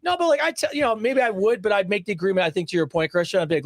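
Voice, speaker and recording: Man, slightly high voice, dry close mic, casual podcast chat, acts out scenes. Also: very fast, hardly any pauses, no room sound. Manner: enthusiastic, acts out little scenes. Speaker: podcast co-host.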